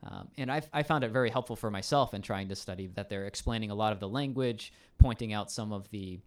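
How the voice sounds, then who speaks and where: A man's voice: on the low side, fast talker, smooth. A male teacher in a casual conversation, explaining at length in a thoughtful way with frequent ums and restarts.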